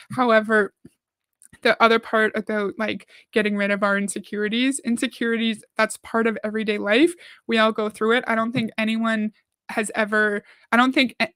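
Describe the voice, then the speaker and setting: A woman's voice: mid-range voice, a bit bright, no room sound. A woman hosting a livestream, chatting casually, reading out viewer comments and reacting to a video.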